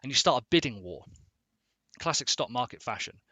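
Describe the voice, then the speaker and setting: A man's voice: mid-range voice, animated, a little fast, sharp tone, slightly rough, no echo. A man who explains things in a casual, informal way. He swears now and then and keeps checking in with "right?". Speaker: explainer video host.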